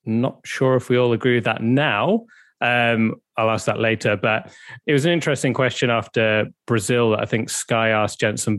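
A man co-hosting a casual podcast, relaxed and thoughtful in his opinions. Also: lowish voice, dry recording. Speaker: podcast co-host.

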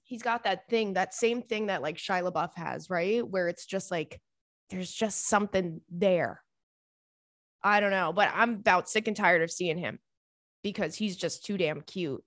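A woman's voice: on the low side, unhurried, fairly bright tone, dry recording, clean studio sound. A young woman hosting a podcast, chatting casually in a rambling, gushing way and swearing freely. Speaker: podcast host. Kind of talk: casual chat.

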